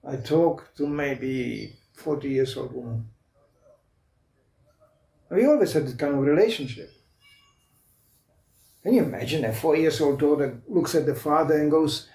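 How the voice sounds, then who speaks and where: A man's voice: a little high, lively intonation, a little slow, vocal fry, pauses often, warm tone, recorded from a distance. A man in his fifties giving an anecdotal spiritual lecture, telling stories, laughing often and restarting his sentences. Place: club lecture room. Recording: roomy hall echo.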